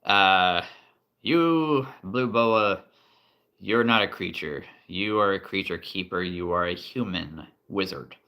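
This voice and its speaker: A man running a tabletop role-play game as game master, playful and quick to chuckle as he addresses his players. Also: sits low, bright, forceful tone.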